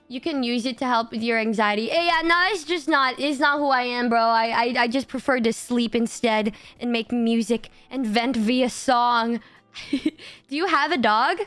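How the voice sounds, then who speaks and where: A young woman in her twenties, streaming and telling a story in a casual, animated way, laughing often and swearing freely. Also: on the high side, a little slow, dry recording, soft background music. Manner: animated, giggly, swears a lot. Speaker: livestreamer.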